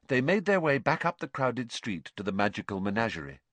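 A man narrating a storybook in an expressive, animated reading. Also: mid-range voice, fairly quick, few pauses, no room sound. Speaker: audiobook narrator.

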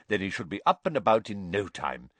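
A man voicing a cheerful, kindly old male headmaster who speaks in a genial, gentle way. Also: on the low side, very animated, fairly quick, dry recording. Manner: genial, mildly raised, gentle.

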